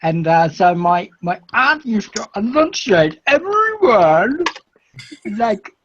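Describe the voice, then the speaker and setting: A man's voice: high-pitched, sing-song, a bit bright, a little hiss or hum. A man with an Australian accent chatting casually on a live stream, rambling and stretching his vowels. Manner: rambling, drawn-out vowels, laughs often. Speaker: co-host of a Lego stream. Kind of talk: casual chat. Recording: dull lo-fi stream audio.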